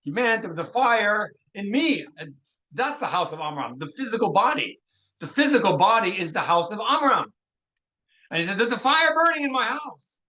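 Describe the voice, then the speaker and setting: High, bright-voiced rabbi telling a story. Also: male voice, moderate pace, highs cut off. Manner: animated retelling, frequent restarts and Hebrew terms. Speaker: rabbi teaching a workshop. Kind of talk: storytelling Torah lecture.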